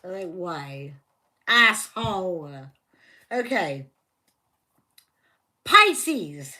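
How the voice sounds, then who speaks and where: A woman's voice: fairly high pitch, lively intonation, slow, fairly bright tone. A woman giving a live tarot reading, heated and fiercely protective of her viewer, swearing constantly. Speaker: tarot reader.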